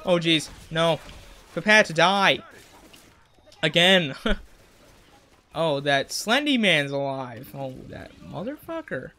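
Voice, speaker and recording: A young man giving jokey, excitable commentary on a game while he plays, his voice cracking now and then. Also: fairly high pitch, takes it slowly. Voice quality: voice keeps cracking. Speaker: gaming YouTuber. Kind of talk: let's play commentary.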